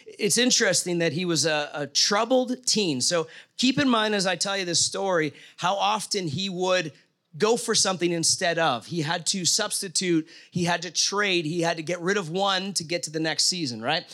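A man's voice: high-pitched, normal speed, sharp tone. A middle-aged man preaching a conversational sermon, telling a story and asking his listeners questions. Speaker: pastor.

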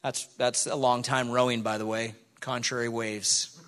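A man preaching to his church, reading scripture aloud and acting out the people in the story with lively commentary. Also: medium pitch, measured pace. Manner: animated, acts out the people in the Bible story. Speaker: pastor.

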